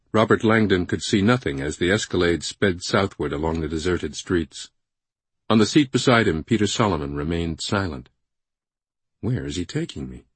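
A man with a deep, slightly husky voice reads a thriller audiobook in a measured, suspenseful way. The recording is close and dry, with no room sound. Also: dry recording. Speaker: audiobook narrator. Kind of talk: scripted thriller narration.

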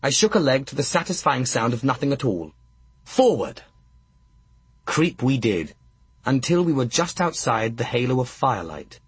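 A husky male narrator reads an audiobook with a wry, dry comic touch. He takes his time, his voice lively and expressive, recorded close and dead dry. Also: medium pitch, normal speed, no room sound.

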